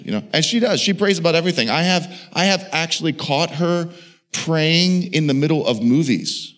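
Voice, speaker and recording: A man's voice: fairly high pitch, expressive, moderate pace, fairly bright tone. A man in his fifties, an evangelist telling stories with humor while preaching a sermon in a church. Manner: storytelling, folksy and humorous.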